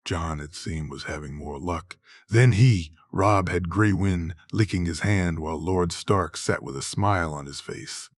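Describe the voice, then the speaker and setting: A man reading fantasy fan fiction aloud as an audiobook narrator, in a slow, measured way. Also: sits low, no echo, clean studio sound.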